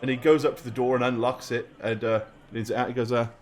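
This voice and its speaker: A man narrating a tabletop game as game master, relaxed and chatty with fillers. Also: medium pitch, fast talker.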